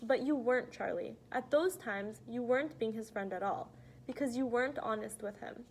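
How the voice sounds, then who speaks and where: A woman reading aloud as an earnest, frank teenage girl who talks softly but insistently. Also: a little high, moderate pace, a little hiss or hum, lightly acted. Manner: earnest, pleading, soft-spoken. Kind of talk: audiobook reading.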